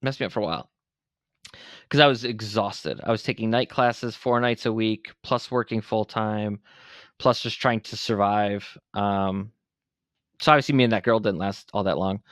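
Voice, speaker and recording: A man's voice: lowish voice, normal speed, dry recording, studio quality. A man in his forties from Buffalo, New York, a veteran entrepreneur telling his story bluntly and with some profanity as a podcast guest. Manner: blunt and profane, animated retelling. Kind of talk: candid interview storytelling.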